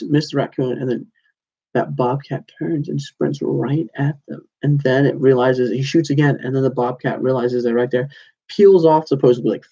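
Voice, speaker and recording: A man's voice: medium pitch, creaky, warm tone, husky, dull audio. A young man in his twenties hosting a casual solo podcast, rambling through stories with lots of "like"s and self-corrections. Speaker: podcast host.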